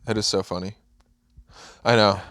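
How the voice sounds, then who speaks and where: A man's voice: on the low side, steady tone, moderate pace, a bit bright, dry recording, clean studio sound. A young adult man, a guest on a podcast, giving earnest opinions in casual chat and hedging them.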